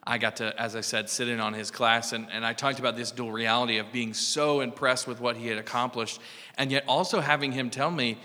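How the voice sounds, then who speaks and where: Upbeat podcast host man, bright voice. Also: medium pitch, steady tone, fairly quick, in a large hall. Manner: encouraging, affirming. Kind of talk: casual conversational podcast chat.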